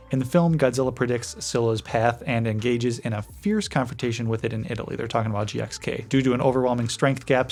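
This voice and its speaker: A man hosting a casual reaction video about collectible figures, chatty and excitable, with goofy exclamations and asides to viewers. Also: mid-range voice. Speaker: toy collector channel host.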